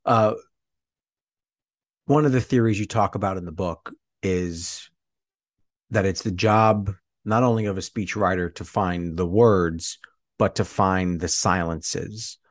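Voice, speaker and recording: A man interviewing a guest, asking soft-spoken, thoughtful questions. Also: deep voice, dry recording, studio quality.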